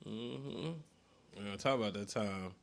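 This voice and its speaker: A man's voice: on the low side, moderate pace, creaky. A man co-hosting a wrestling podcast, teasing his co-hosts with laughing, playful banter. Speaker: podcast co-host. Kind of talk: casual banter.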